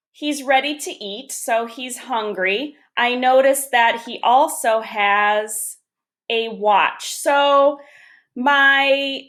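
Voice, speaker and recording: A woman teaching young children, reading a picture book aloud and explaining step by step in a gentle, encouraging way. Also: on the high side. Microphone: camera or phone on a desk.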